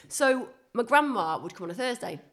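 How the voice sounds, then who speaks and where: A woman's voice: fairly high pitch, moderate pace. A woman in casual chat, telling stories about her family in a chatty, digressive way. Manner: chatty storyteller, digresses, animated.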